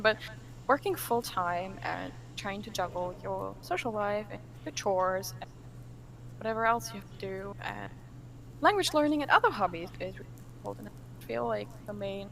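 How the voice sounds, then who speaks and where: A young woman from Germany, a podcast guest in casual chat, animated, laughing often, full of fillers and restarts. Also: mid-range voice, vocal fry, low-quality recording.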